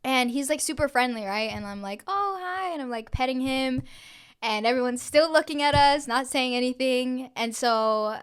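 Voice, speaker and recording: A young woman co-hosts a podcast, telling a story in casual conversation with a high-pitched, clean voice at a moderate pace. She curses freely and performs the lines of the people involved.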